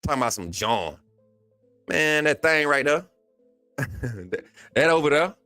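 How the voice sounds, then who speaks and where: A man's voice: a little high, animated, measured pace, sharp tone, dry recording, faint music behind. A man from Alabama with a Southern accent, hosting a live sports stream in a casual style, reading and answering chat comments with frequent laughter.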